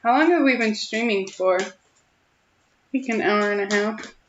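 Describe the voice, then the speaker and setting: A woman's voice: medium pitch, moderate pace, reverberant, lo-fi sound, a little hiss or hum. A young woman giving a chatty, reassuring tarot reading on a live stream, giggling often between thoughts. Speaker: tarot reader.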